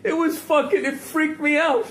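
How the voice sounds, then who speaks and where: A man's voice: very high voice, level tone, moderate pace, a bit bright. A man trading blunt, profane banter on a podcast, rambling and self-mocking as he tells a story. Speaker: podcast host. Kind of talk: casual comedic banter. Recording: echoey room with faint background noise.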